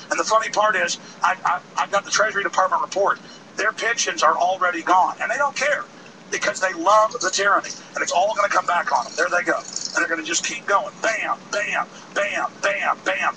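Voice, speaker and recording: A man hosting a live broadcast outdoors by a road, with an impassioned, ranting, emphatic delivery. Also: high-pitched. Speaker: host. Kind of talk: fiery outdoor protest broadcast. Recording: distant mic, loud street noise.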